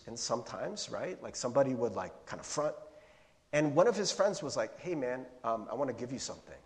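A man in his forties preaching a sermon as a youth pastor, in a casual, animated way with slang and stammered restarts. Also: medium pitch. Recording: long hall reverb.

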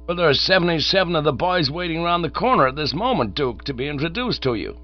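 A male storyteller puts on the voice of an eager small-town American booster who talks like a salesman, pitching it higher and brighter than his narration with a bouncy, hearty, animated tone. He speaks quickly and naturally, and the recording sounds dull with a low hum in the background.

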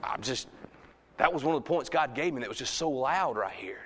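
A man, preaching a sermon as pastor. He swings from loud shouts to hushed asides. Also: medium pitch, animated, a little fast, big-room sound. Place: church sanctuary.

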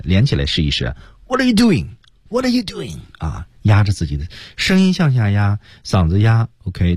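Deep-voiced male radio English teacher. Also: darkish tone, slightly rough, dry recording, studio quality. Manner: explanatory, encouraging. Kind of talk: radio lesson, coaching pronunciation. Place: radio studio.

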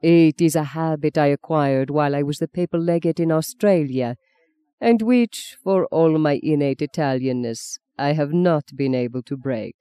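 A suave older cardinal, voiced by an audiobook reader speaks in a smooth, wheedling way. The tone is mellow and warm, and the sound is dry and close. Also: medium pitch, moderate pace, dry recording, lightly acted. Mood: courteous.

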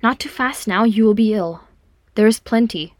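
A woman reading aloud and voicing a young noblewoman, gentle and protective. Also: fairly high pitch, normal speed, no echo, studio quality, close to an everyday voice.

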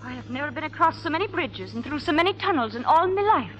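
An actress playing a trusting young Irish maid fresh off the boat, speaking with an Irish accent in gentle, earnest 1940s radio acting. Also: female voice, high voice, very animated, fast talker, lo-fi sound, faint music behind. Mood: chatty.

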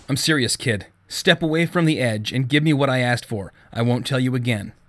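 A man reading the lines of a menacing gunman who gives crisp, clipped commands in an audiobook-style story reading. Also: mid-range voice, brisk, no room sound, lightly acted. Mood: threatening. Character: menacing male gunman, terse and threatening.

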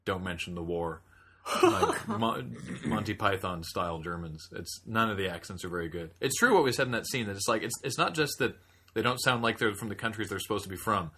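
Young male co-host, low bright voice, loose rambling chat with laughs. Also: very animated, quick pace, slightly rough. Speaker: podcast co-host. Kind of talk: casual chat.

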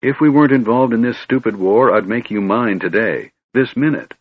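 Guy doing a big earnest young warrior, husky, kinda pleading, dry muffled audio. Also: medium pitch, moderate pace, natural voice.

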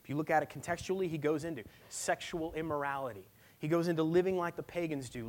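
A male pastor preaching a sermon at a church service, swinging from loud, emphatic lines to hushed, near-whispered ones. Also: on the high side, fast talker, few pauses.

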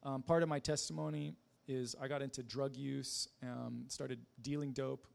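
A man giving a personal testimony in a casual, halting way, with many fillers, restarts and self-deprecating laughs. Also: mid-range voice, little pitch movement, vocal fry.

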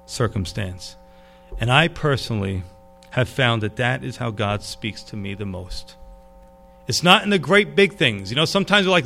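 A man preaching a sermon, animated and casual, dropping to a hushed tone for emphasis. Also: mid-range voice, vocal fry. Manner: animated, drops to a hush for emphasis. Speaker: pastor.

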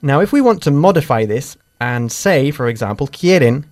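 A man's voice: mid-range voice, lively intonation, moderate pace, a little mellow, no room sound, clean studio sound. A man teaching English grammar, correcting and drilling pronunciation in a lesson.

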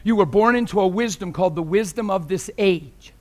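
In a high, brisk voice, a guest preacher delivers a church sermon that is both passionate and playful. He often breaks into laughter partway through and alternates between hushed and loud delivery.

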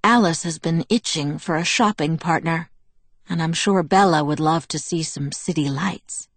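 A woman's voice: low voice, no room sound. Woman voicing a serene, charming young man. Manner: smooth, friendly, unhurried. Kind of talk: audiobook character reading.

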